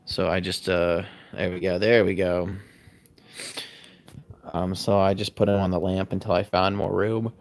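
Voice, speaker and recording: Man, casual livestream chat, fairly low voice, chatty and rambling, sleepy, home loft, phone mic. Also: little pitch movement, normal speed, darkish tone. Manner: rambling, chatty, answers viewer comments. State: sleepy, yawning. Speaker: livestream host. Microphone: phone camera.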